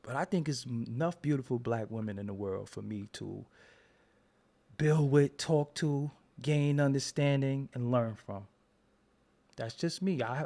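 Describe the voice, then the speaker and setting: A man's voice: medium pitch, normal speed, vocal fry. A man hosting his own show, talking in a joking, rambling commentary style. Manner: animated, joking, rambling storyteller. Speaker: show host. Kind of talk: casual commentary monologue.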